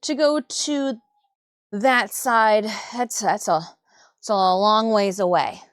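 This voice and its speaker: A woman's voice: medium pitch, slow pace, dry recording, studio quality. Chatty woman livestreaming her crafting. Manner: rambling, chatty, self-deprecating asides. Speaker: livestream host. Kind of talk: casual live-stream chat while crafting.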